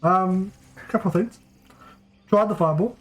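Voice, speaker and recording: A woman's voice: medium pitch, normal speed. A woman playing a tabletop game, hesitant and laughing often. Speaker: player. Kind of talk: casual tabletop game chat.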